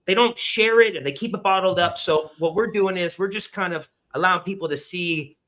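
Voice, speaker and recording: A man's voice: high voice, brisk, bright, forceful tone. A male podcast host, conversational and encouraging, asking questions and sharing his own stories. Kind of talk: casual podcast interview.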